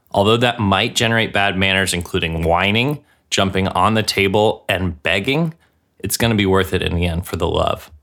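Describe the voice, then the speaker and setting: A man hosting a comedic mock radio show, rambling deadpan with lots of filler words. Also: low voice.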